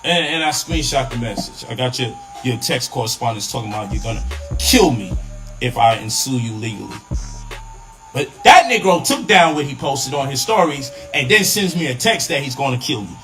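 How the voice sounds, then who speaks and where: A man's voice: medium pitch, very animated, normal speed, music in the background, low-quality recording. A man giving emphatic, lecturing commentary on a live online show.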